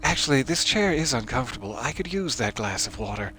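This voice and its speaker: Very animated, brisk, and forceful, a man with a bright, medium-pitched voice gives casual commentary as he streams a game. He's jokey, reads the hero's lines out loud, and lurches into mock panic.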